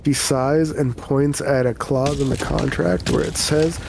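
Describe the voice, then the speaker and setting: A man's voice: medium pitch, steady tone, unhurried, vocal fry, darkish tone, slight background noise. A man narrating a tabletop game as game master, in a casual, rambling and profane way.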